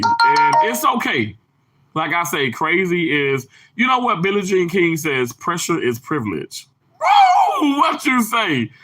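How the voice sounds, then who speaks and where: Bubbly high-voiced Southern man. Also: pushed and bright. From Mississippi. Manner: bubbly, laughs often, bursts into exclamations. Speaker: livestream host. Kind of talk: casual chat reading viewer comments.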